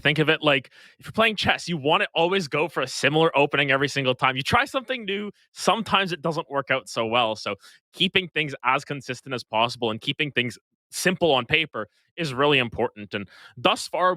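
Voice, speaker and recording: Male analyst, bright tone, dry close sound, explains like a coach. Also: mid-range voice, dry recording. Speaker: esports analyst. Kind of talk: live esports commentary.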